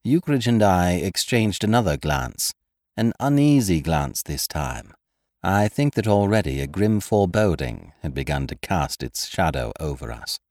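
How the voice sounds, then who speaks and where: A man reading a comic story aloud in a measured, wry storytelling manner. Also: low-pitched, sing-song, a little mellow, no room sound, clean studio sound. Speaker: reader. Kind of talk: scripted narration.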